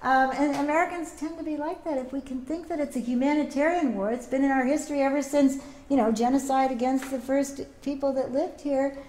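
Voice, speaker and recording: Middle-aged woman giving an activist talk, kinda high voice, tells stories and does voices, echoey room. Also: a little fast. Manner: anecdotal, animated, acts out quoted voices. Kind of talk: public talk with storytelling. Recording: echoey room, faint background noise.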